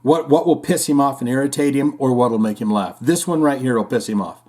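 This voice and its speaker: The host of a casual music podcast speaks at medium pitch, a little fast, with a dark tone. He rambles and jokes while reading listener comments, slipping into silly voices for punchlines.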